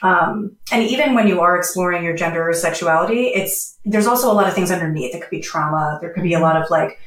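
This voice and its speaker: A woman's voice: fairly low pitch, quick pace, a bit bright. A woman psychologist talking casually on a podcast, chatty, often laughing and using many fillers. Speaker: psychologist guest. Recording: roomy distant mic.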